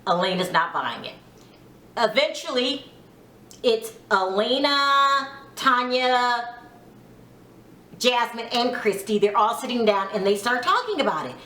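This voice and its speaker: A woman's voice: fairly high pitch, animated, measured pace, long pauses, pushed and bright, reverberant. A woman giving a casual, frank recap of a reality TV episode. She is opinionated, curses a little, and acts out the lines she quotes. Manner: frank, opinionated, mildly profane.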